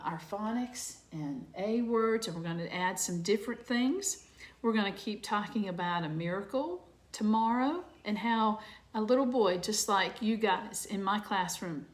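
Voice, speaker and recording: A woman teaching young children, gentle and sing-song, often asking them questions. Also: mid-range voice.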